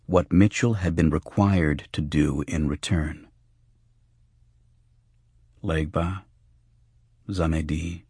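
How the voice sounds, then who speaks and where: A man reading a novel aloud in measured, hushed scripted narration. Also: low voice, husky, dry recording, studio quality. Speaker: audiobook narrator.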